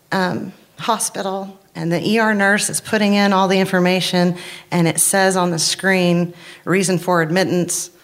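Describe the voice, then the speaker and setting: A woman in her forties telling a personal story to a live audience from a stage, earnest and candid, with thoughtful pauses. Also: low voice.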